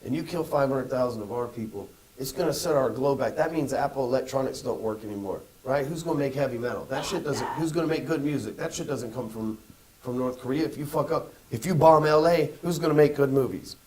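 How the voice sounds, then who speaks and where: A man co-hosting a podcast in casual, profane chat, animated and acting out voices. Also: mid-range voice, fairly quick, rough recording. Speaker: podcast co-host.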